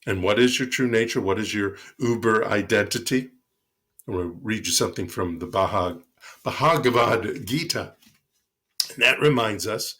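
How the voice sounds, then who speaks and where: A man's voice: fairly low pitch, normal speed, a bit bright. A man preaching a reflective sermon as pastor, telling stories. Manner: reflective, storytelling.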